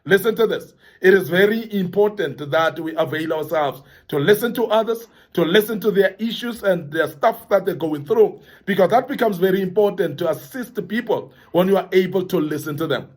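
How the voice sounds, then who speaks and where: Man, high voice, earnest motivational speaker, emphatic and repetitive. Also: moderate pace, hardly any pauses, a little mellow. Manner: earnest, emphatic, repeats phrases for stress. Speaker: forum speaker addressing young men. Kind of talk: motivational talk.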